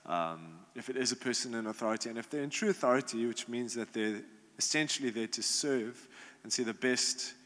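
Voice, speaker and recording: A man's voice: mid-range voice, fairly quick, fairly bright tone. A young adult man in a youth group, answering questions in a casual, informal way with lots of fillers and restarts. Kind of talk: casual Q&A talk. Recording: long hall reverb.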